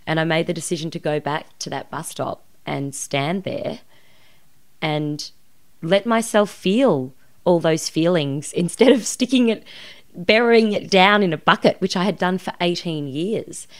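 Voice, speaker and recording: An Australian actress in her forties, a guest on a podcast interview, speaks in a lowish, unhurried voice. She tells a personal story openly, earnest and reflective as she recounts emotional events.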